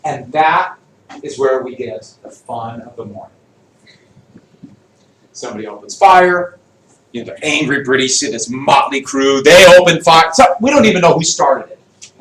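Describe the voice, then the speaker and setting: A man teaching a history lesson to a class, lively and jokey, quizzing his students as he goes. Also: mid-range voice, normal speed, long pauses. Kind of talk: classroom lecture with student questions. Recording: echoey classroom, voice from far off.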